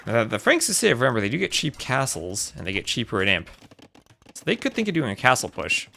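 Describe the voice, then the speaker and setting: A man's voice: mid-range voice, wildly swooping pitch, a little fast, creaky, sharp tone, a little hiss or hum. A man casting a strategy game tournament on a live stream in a chatty way, breaking off to thank viewers. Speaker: tournament host and caster. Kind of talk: live-streamed esports commentary.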